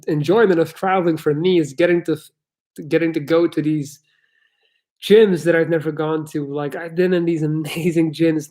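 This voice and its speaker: A man's voice: a little high, a little mellow. Chatty young man doing a livestream. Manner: loose, chatty, swears, laughs often. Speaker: life coach and livestream host. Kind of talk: casual livestream Q&A, reading chat.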